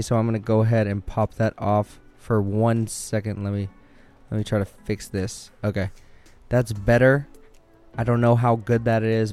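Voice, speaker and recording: A young man records a solo vlog in a small room with a fan nearby, upbeat and grateful, rambling with many fillers. He speaks very close to a studio mic, his lowish voice a little mellow and smooth.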